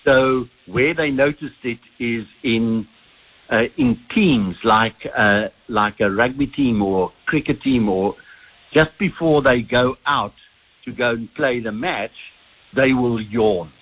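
A man's voice: medium pitch, slow, lo-fi sound. A South African man, a sleep doctor, answering radio phone-in questions with many restarts and repeated words. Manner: hesitant, repeats words often.

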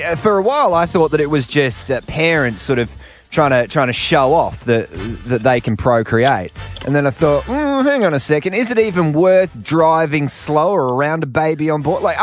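A man hosting a late-night radio show, joking and bantering fast and cheekily. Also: a little high, expressive. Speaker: radio host. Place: radio studio. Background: faint music.

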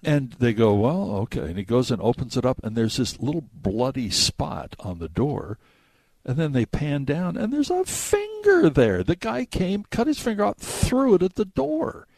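A man hosting a casual radio chat about movies, telling the story with animated acted-out quotes. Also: on the high side, moderate pace, dry recording. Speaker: radio host.

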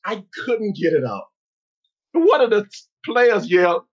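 A man telling a personal story as a motivational talk, speaking slowly and earnestly with pauses. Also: high-pitched, very animated, breathy edge, lo-fi sound.

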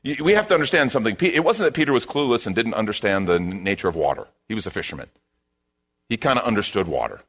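A man preaching a sermon as a pastor, in an animated, conversational way, repeating his key phrases. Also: lowish voice, fast talker.

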